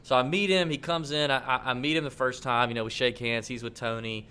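A man co-hosting a podcast, telling a long story in a casual, rambling, animated way. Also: mid-range voice, fairly quick, clean tone. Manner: animated, rambling, acts out quotes. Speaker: podcast co-host.

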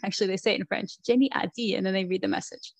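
A woman's voice: mid-range voice, flat delivery, very fast, no room sound, poor audio. A woman hosting a podcast, talking in a chatty way, saying "like" a lot and laughing easily. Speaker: podcast host. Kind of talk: casual chat.

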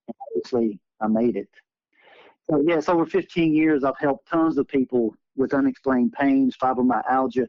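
A man's voice: mid-range voice, normal speed, dry recording. A man in his forties, an energy healer and interview guest, telling spiritual healing stories in an earnest, emphatic way. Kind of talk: earnest conversational storytelling. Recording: dull lo-fi recording.

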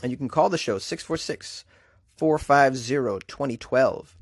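A man's voice: mid-range voice, moderate pace, husky, no echo. Guy hosting a podcast, rambling casual chat, dry close sound. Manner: loose and rambling, with many fillers. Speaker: podcast host.

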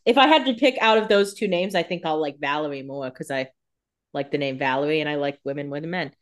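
Co-host, woman, lowish voice, quick reactive chat full of laughter. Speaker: podcast co-host. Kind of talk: casual recap chat.

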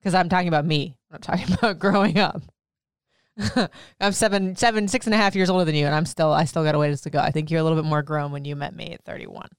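A woman in her thirties talks candidly and with plenty of laughter. Her voice sits a little low and is very smooth and clean. It is recorded dry and close, with no room sound. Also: fast talker, no room sound. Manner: candid, laughing, lively storytelling. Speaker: podcast host. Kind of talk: casual personal chat.

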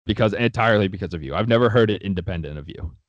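Blunt, low-voiced man talking sports. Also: very fast, dry recording, muffled recording. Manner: blunt and opinionated, swears freely. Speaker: sports podcast co-host. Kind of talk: casual sports chat.

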